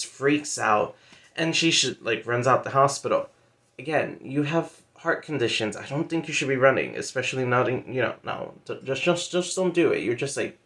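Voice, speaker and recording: A book vlogger with a medium-pitched, gravelly, fairly bright voice does a casual monthly reading wrap-up. He talks loosely while retelling a story, chatty and full of fillers like "like" and "pretty much," with playful asides.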